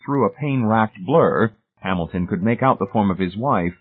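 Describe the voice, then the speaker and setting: A man narrates an audiobook in a steady, measured way. His voice sits low and slightly husky. The recording is narrow and phone-like. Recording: tinny phone-like sound.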